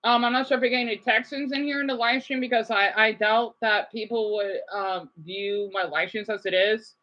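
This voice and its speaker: A woman's voice: fairly high pitch, fairly even intonation, normal speed, a bit bright, dull audio. A woman vlogger giving rambling, chatty livestream commentary with frequent restarts and check-ins with the audience.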